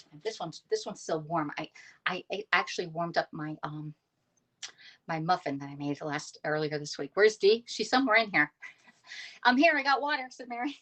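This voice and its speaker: A woman's voice: sits low, a bit bright. Chatty woman cooking live. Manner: chatty, greets viewers by name, laughs often. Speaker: livestream cooking host. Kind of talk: casual live cooking stream. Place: home kitchen.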